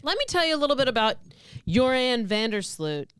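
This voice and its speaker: A woman's voice: on the high side, sing-song, a little fast, clean tone, no room sound, clean studio sound. A woman co-hosting a true-crime podcast, chatting casually and acting out the lines she quotes in her stories. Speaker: podcast co-host.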